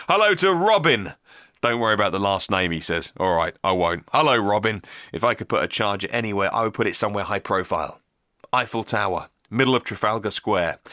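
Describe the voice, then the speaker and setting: A man hosts a casual podcast on his own, chatty and enthusiastic as he reads out listener messages. His voice is bright and forceful and swings widely in pitch. The sound is close and dry, with no room around it. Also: no echo. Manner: chatty and enthusiastic, thinks aloud with restarts. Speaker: podcast host. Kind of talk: casual solo podcast, reading listener emails.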